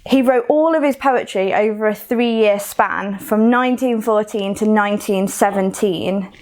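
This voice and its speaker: A woman's voice: medium pitch, measured pace, a little mellow. A woman with a Coventry accent leading a recorded poetry lesson, explaining in a chatty way with fillers and restarts. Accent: Coventry English. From Coventry, England. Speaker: poetry workshop leader.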